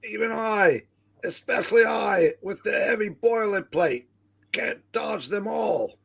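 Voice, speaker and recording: A man voicing a frantic armored male inventor hero in a comic book read-aloud, shouting in a high strained voice. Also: lively intonation, a little slow, vocal fry, slightly rough, full character voice.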